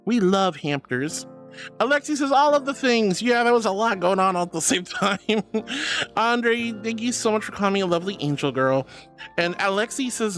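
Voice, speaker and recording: A woman's voice: animated, moderate pace, faint music behind. A woman streamer reading out chat messages in a bubbly, affectionate way, calling her viewers sweetheart and darling. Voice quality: squeaky laugh.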